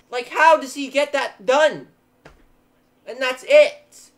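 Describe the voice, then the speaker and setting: Excitable swearing young man gaming. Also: high-pitched, slow pace. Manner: excitable, swears a lot, swings from muttering to yelling. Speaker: gaming YouTuber. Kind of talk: live gameplay commentary. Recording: game music loud behind voice.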